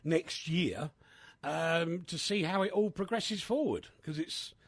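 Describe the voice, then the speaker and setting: A man hosting a casual radio chat, animated and chatty with many fillers. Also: on the high side, slow, slightly rough, no room sound. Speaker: radio host.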